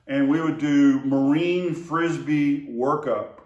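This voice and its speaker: A man's voice: fairly high pitch, slow pace, darkish tone, lo-fi sound. A man recalling old times in a casual, rambling way, full of fillers and restarts. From Oklahoma to Texas area. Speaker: storyteller remembering his brother. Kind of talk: casual spoken memories. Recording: roomy echo, voice far from the mic.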